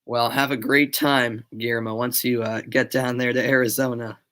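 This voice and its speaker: A bright, forward-toned young man in his late teens, with a light Boston accent, calls a soccer match live for his online stream. He switches between lively play-by-play of the action and loose, hesitant chat with viewers, full of ums and friendly asides. His pitch sits mid-range for a man. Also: moderate pace. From Boston area, USA. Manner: chatty, answers viewers' chat between plays; animated calling of play, relaxed and hesitant in chat. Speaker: amateur play-by-play commentator.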